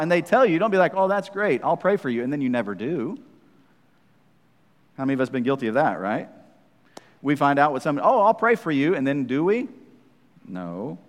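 A man's voice: on the high side, in a large hall. A man preaching a sermon as pastor, talking conversationally to the congregation and often checking in with "right?" asides.

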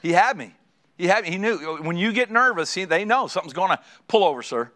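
A middle-aged male pastor delivers a storytelling sermon in a bright, slightly raised voice. He is animated and slips into the voices of the people in his anecdote. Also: high voice, fast.

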